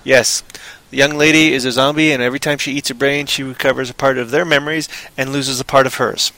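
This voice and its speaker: A man co-hosting a casual podcast chat, rambling and joking, often breaking into loud silly voices. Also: mid-range voice, fairly even intonation, fast talker, poor audio. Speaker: podcast co-host.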